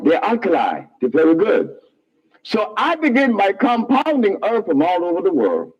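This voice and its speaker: A man telling his life story in a rambling, animated way, often laughing at his own remarks. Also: mid-range voice, husky, dull audio.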